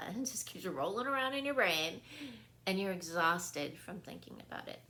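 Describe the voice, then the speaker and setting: A woman's voice: mid-range voice, expressive, normal speed, bright, forceful tone, slight background noise. A woman speaking as a wellness coach in an earnest, casual spiritual talk, often checking in with her listeners and laughing easily. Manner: earnest, repetitive, checks in with "right?".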